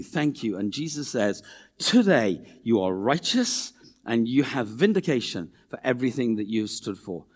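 A man preaching a sermon in a church, earnest and animated, repeating phrases and acting out quoted voices. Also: medium pitch.

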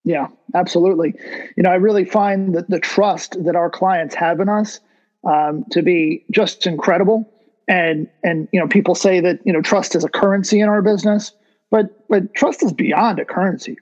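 High-voiced male host, slightly muffled. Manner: warm agreeing interjections, halting questions. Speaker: podcast host. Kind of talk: interview chat.

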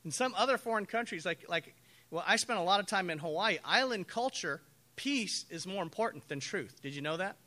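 A man preaching a sermon as pastor, telling stories with animated acted-out quotes. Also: high-pitched, brisk. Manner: animated storytelling, acts out quoted voices.

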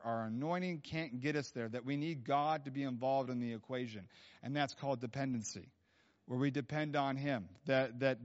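A man preaching a sermon in a casual, rambling storytelling way, full of fillers and restarts, in a church. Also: mid-range voice. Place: church hall. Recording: dull sound with long hall reverb.

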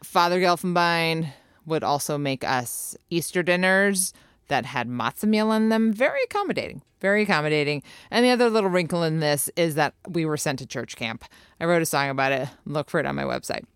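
A woman's voice: deep voice, a little fast, a bit bright, smooth, no echo, studio quality. A woman hosting a comedy podcast, introducing it in a playful, joking way. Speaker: podcast host.

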